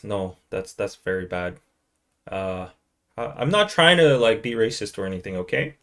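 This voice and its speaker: A man's voice: lowish voice, very animated, normal speed, a bit bright. A man hosting a podcast, chatting in a loose, rambling way and now and then slipping into playful impressions. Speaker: podcast host. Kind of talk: casual live-stream chat.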